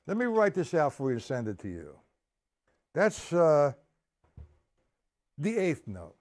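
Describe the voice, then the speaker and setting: A man's voice: medium pitch, big pitch swings, unhurried, noisy background. A man teaching a drum lesson on a live stream, counting the beats aloud and explaining each stroke step by step.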